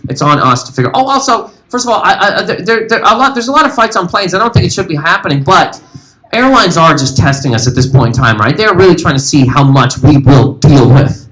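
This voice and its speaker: High-voiced rambling stand-up comedian. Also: male voice, a little hiss or hum, poor audio. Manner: animated, rambling, talks to the audience. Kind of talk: stand-up comedy with crowd work. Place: live comedy venue.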